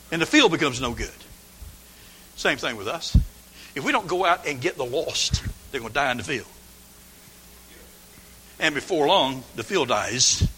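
A man's voice: a little high, sharp tone, a little hiss or hum. A man preaching a folksy, emphatic sermon, sometimes mimicking his listeners' excuses. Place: church sanctuary. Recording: long hall reverb.

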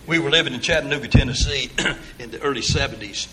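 A man's voice: medium pitch, fast, bright, forceful tone, a little hiss or hum. Folksy older preacher man. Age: 60s. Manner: rambling folksy anecdotes, down-home grammar. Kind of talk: folksy storytelling sermon.

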